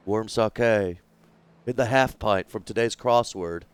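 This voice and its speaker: A man's voice: fairly low pitch, moderate pace, smooth, dry recording. A young man streaming a video game, joking crudely and rambling in casual commentary.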